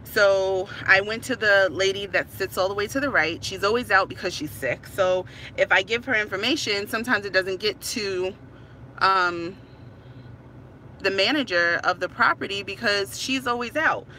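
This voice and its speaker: A woman's voice: mid-range voice, moderate pace, sharp tone, a little hiss or hum. Frustrated woman ranting to her phone. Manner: frustrated, emphatic, repeats herself. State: stressed. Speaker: tenant filming a complaint. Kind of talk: ranting to camera.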